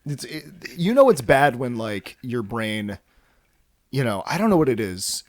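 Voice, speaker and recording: A man's voice: mid-range voice, very animated, measured pace, dry recording. Rambling, tired-sounding podcast guy. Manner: rambling, profane, self-mocking jokes. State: tired, short on sleep. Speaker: podcast host. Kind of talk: casual solo chat.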